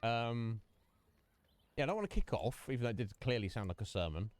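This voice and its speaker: A man streaming a video game, commentating in an animated, ranting way and mock-quoting others. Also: medium pitch, a little fast. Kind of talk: live gameplay commentary.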